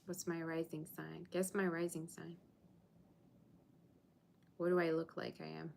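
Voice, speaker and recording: A woman with a lowish voice gives a live tarot reading and chats casually with her viewers in between. She is reassuring and answers their comments as she goes. A faint hiss sits under her voice. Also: level tone, a little slow, gravelly, a little mellow. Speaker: tarot reader. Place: borrowed room, indoors.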